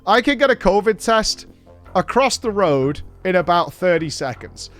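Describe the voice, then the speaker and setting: A man from Britain, hosting a show and telling a story in a casual recap, animated and swearing freely. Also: sits high, normal speed, soft background music. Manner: animated, swears freely, acts out quoted dialogue. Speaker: show host.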